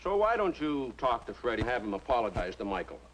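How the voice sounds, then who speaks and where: An actor playing a quick-tempered middle-aged police officer and father in a 1950s TV sitcom. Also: medium pitch, sing-song, a little hiss or hum, lightly acted, poor audio. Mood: concerned.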